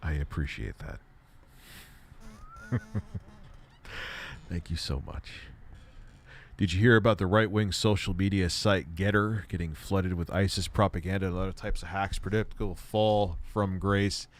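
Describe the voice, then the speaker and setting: A man's voice: sits low, unhurried, pauses often. A young man chatting casually on a stream, joking, swearing and bantering with his pet bird. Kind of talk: casual livestream chat.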